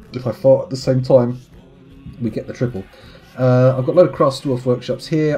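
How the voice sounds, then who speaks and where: A young British man from the United Kingdom streams a game, his mid-range voice mellow as he rambles through casual commentary. He jokes at his own expense in a self-mocking way.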